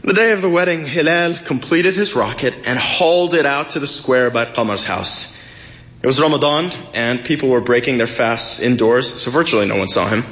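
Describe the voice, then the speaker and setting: A man reads a literary short story aloud with measured, expressive pacing. His voice sits at a middle pitch and stays steady as he narrates. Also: poor audio. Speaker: story reader. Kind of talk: literary reading.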